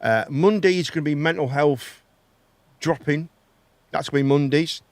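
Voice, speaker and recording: A man hosts a loose live chat stream. His voice sits a little high, and he rambles through jokey anecdotes that trail off. The sound is close and dry. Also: moderate pace, no echo. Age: 30s. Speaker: host. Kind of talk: casual live chat show.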